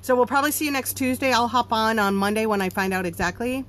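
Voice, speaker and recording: A woman's voice: fairly high pitch, steady tone, fast talker, a little hiss or hum. A woman hosting a live stream about running a home baking business, answering viewer comments in a blunt, chatty way with lots of ums. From not from Pennsylvania.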